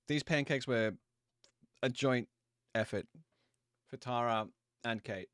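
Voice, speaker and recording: Aussie guy streaming, chatty and relaxed, mid voice, close dry mic. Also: mid-range voice, smooth, no room sound. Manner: chatty, easygoing, quick apologies and asides. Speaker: livestream host. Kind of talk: casual stream chat with viewers.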